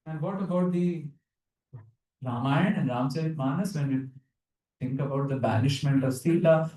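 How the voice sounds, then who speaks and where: A man's voice: fairly high pitch, darkish tone, distant mic. A man giving a devotional lecture, asking his audience questions and singing verses in between. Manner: explains with questions to the audience, sings Hindi verses. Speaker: preacher. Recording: very echoey hall, speaker off-mic.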